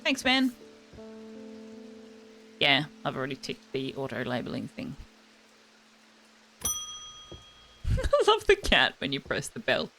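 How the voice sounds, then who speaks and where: A woman's voice: a bass voice, huge pitch swings, slow, pauses often, bright, forceful tone, faint music behind. A woman streaming a game, chatting casually and reading the game's text aloud. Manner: chatty, switching between asides and reading. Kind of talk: casual let's-play commentary with read-aloud game text.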